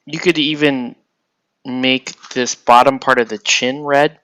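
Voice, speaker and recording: A man's voice: mid-range voice, slow pace, smooth, no echo. A man casually talking through painting a miniature, thinking aloud and trailing off as he works. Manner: relaxed, thinking aloud while painting, trailing off mid-sentence. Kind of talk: casual painting tutorial talk.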